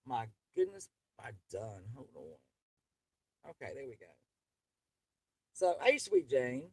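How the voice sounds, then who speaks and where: A woman's voice: extremely low pitch, huge pitch swings, slow pace, creaky, darkish tone, slightly rough, no room sound, rough recording. A woman, hosting her channel with an angry, profane, rambling livestream rant. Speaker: channel host.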